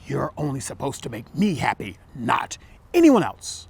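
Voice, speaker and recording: A man voicing a greedy, mean old farmer in a told folktale, speaking in a gruff, scolding way. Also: medium pitch, huge pitch swings, moderate pace, a little mellow, slight background noise. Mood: angry.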